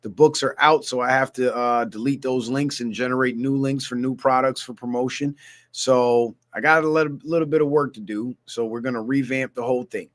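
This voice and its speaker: A man's voice: medium pitch, a little fast. A middle-aged man hosting a livestream, telling stories in a loose, casual way with plenty of swearing. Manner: loose, swearing storyteller, animated asides. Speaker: livestream host.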